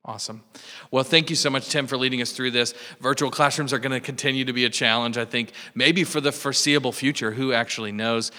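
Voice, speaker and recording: A man hosting a podcast in an encouraging, affirming tone. His voice is bright and crisp, and it has a long reverb around it. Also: medium pitch, steady tone, fast. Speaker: podcast host. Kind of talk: casual conversational podcast chat.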